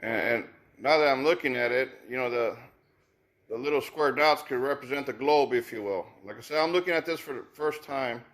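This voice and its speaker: A man's voice: medium pitch, a little fast, a bit bright. A man casually reviewing sneakers, thinking aloud with many repeated words and restarts. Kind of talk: casual unboxing commentary.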